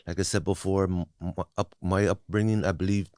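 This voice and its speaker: A deep-voiced guest in his forties, fairly even in intonation, fairly quick and a little mellow, recounts his life bluntly with swearing, frequent restarts and "you know what I mean" tags. He speaks English as a non-native. The studio-quality audio has no room sound.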